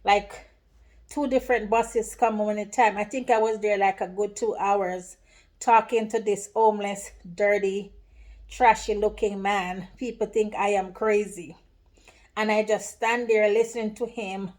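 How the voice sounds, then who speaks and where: A woman telling a personal story to her viewers in a casual vlog, lively and emotional, often saying "let me tell you". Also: mid-range voice, a little slow. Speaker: vlogger.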